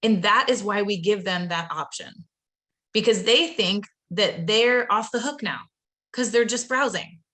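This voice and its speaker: A woman's voice: medium pitch, unhurried, bright, forceful tone. A woman leading a live online training session, talking in an upbeat, chatty way and addressing her audience directly. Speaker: webinar presenter training real estate agents.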